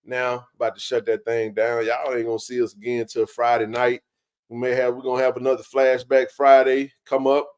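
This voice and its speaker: A man's voice: medium pitch, completely flat delivery, moderate pace, a little mellow, clear, resonant tone. A man hosting a casual live sports chat, laid-back and slangy, tossing in "man" and "bro" all the time. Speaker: livestream sports show host.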